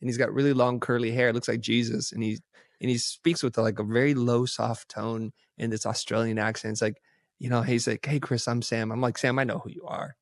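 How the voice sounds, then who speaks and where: A man tells stories as a podcast guest and jumps into the voices of the people he quotes. His pitch sits in a middle range. The recording is close and dry. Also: fairly quick, creaky, no echo. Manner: animated, acts out quoted dialogue. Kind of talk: casual storytelling.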